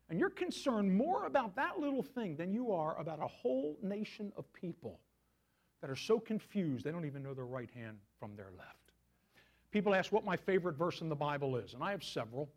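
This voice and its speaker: A man's voice: high-pitched, very animated, moderate pace. A male pastor preaching a sermon in a conversational way, often asking his listeners questions.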